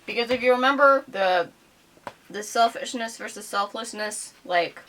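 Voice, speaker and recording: Bright-voiced, candid woman vlogger. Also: fairly high pitch, moderate pace. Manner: candid, rambling, swears freely. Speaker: YouTube reactor. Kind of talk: casual vlog talk.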